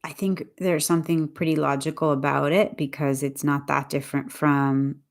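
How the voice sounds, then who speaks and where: Low-voiced woman teaching on a livestream. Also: flat delivery. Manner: thoughtful, deliberate, with frequent restarts. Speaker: English teacher. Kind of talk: casual livestream talk.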